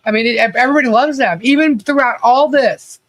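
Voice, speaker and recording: A man with a notably high, slightly bright voice does casual livestream commentary at a brisk pace, ranting bluntly and swearing freely. Between points he reads out viewer chat comments in an offhand, conversational tone. There's no room sound.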